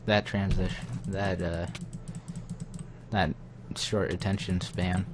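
A man's voice: low-pitched, little pitch movement, slow, background noise. A young man muttering to himself as he comments casually on his game, getting easily frustrated. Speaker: gaming channel host.

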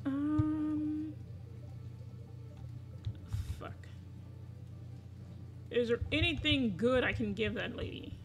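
A woman's voice: sits high, extremely slow, pauses often. A woman streaming a game, chatting casually, cursing freely and getting flustered. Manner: swears freely, flustered and laughing. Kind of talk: casual live-stream chat.

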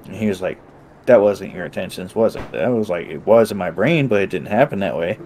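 A man's voice: deep voice, expressive, a little fast, a little mellow, slight background noise, low-quality recording. A man casually recounting a roleplay session, acting out both sides of the conversation and swearing freely. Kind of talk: casual chat.

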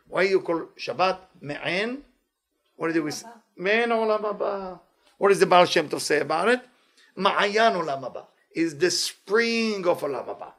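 Husky, gravelly-voiced man preaching. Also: high voice. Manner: animated, acts out voices with laughs and exclamations. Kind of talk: sermon.

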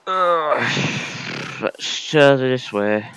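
Slow, gravelly gamer muttering. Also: male voice, on the low side, pushed and bright, slight background noise. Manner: chatty, mutters to himself, mild swearing. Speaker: gaming video creator. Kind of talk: casual let's-play commentary.

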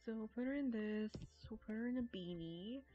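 A woman's voice: on the high side, fairly quick, soft background music. Giggly American woman streaming, dull audio. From United States. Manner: giggly, rambling, self-mocking. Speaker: game streamer. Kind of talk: casual live-stream chatter.

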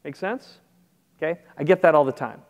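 A man's voice: fairly high pitch, fairly quick, in a large hall, lo-fi sound. A man presenting a marketing seminar in a conversational way, often checking in with the audience. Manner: conversational, checks in with "make sense?". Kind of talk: seminar talk with slides.

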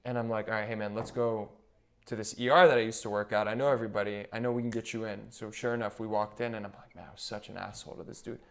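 A man's voice: fairly low pitch, fast talker, vocal fry. A young man, a podcast guest who works as a nurse anesthetist, telling stories in casual chat and acting out what others said. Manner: animated storyteller who quotes what others said.

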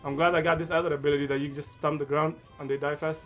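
Gamer host: man, rapid and slightly high, excitable, repeats himself. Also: faint music behind. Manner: excited, stumbles and repeats words. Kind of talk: casual gameplay commentary.

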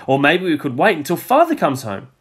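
A man reading a storybook aloud, voicing a bored young boy who drawls his lines flatly. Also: on the high side, husky, voice pushed up, full character voice. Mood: pleading. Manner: flat, unimpressed, drawn-out delivery.

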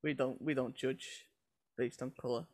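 A man's voice: mid-range voice, fairly even intonation, moderate pace, darkish tone, no echo, clean studio sound. A young man, co-hosting a podcast in blunt, jokey, sweary casual chat. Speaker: co-host.

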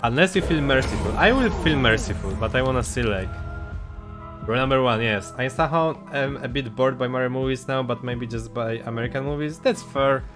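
Male streamer, casual excitable chat, mid pitch, game music behind. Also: a little fast. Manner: chatty, excitable, reads chat and game text aloud. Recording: game music playing under the voice.

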